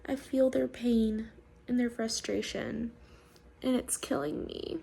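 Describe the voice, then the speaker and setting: A woman's voice: fairly high pitch, fairly even intonation, slow, vocal fry, mellow, slight background noise. A woman chatting casually on a video blog about books she is reading, gushing and emotional, with many fillers. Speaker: book reviewer. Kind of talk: casual vlog book reactions.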